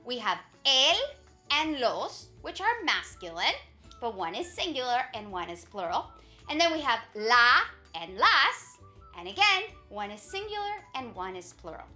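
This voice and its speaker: A woman teaching a lesson in a high voice that swings a lot, slowing down to model words for learners. Her tone is encouraging and patient. Light music plays faintly underneath. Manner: lively, encouraging, models pronunciation slowly. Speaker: Spanish teacher.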